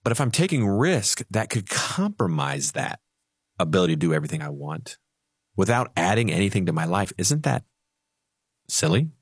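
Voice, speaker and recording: Lowish husky guy, finance advisor on a radio show, chatty and animated, dry close mic. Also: normal speed, no room sound. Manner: animated storyteller, acts out little voices, laughs easily.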